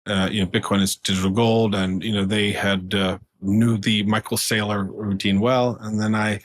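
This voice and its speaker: A man's voice: fairly low pitch, little pitch movement, moderate pace, a little hiss or hum. A man guesting on a podcast, chatting casually with frequent fillers, restarts and laughs mid-sentence. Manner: rambling, full of fillers and restarts. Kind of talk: casual storytelling.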